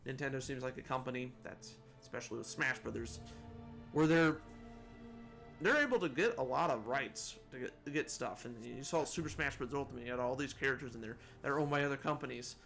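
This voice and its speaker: A man's voice: medium pitch, brisk, creaky, fairly bright tone, soft background music. Rambling man chatting about games. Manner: rambling, many restarts and asides, chuckles at own jokes. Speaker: gaming video host. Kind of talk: rambling casual commentary.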